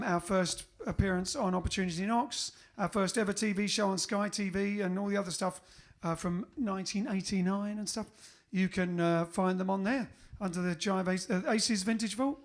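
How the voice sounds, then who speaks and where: High-voiced jokey English bandleader. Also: male voice, fairly even intonation, normal speed, few pauses. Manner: jokey, rambling, self-correcting. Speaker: bandleader hosting a livestream. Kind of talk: casual chat.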